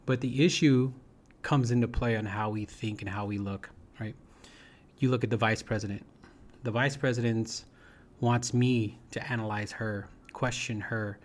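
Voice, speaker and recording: A man's voice: mid-range voice, darkish tone. A man telling a personal story in a loose, rambling way, often repeating himself and adding "you know" and "right?". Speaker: speaker sharing a personal story. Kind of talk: informal storytelling talk.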